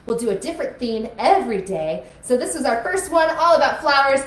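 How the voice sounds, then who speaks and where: This young woman's voice sits high and swings widely in pitch as she briskly teaches a kids' music class on a live stream. Upbeat and coaxing, she invites the children to join in with motions, and faint music echoes around the room.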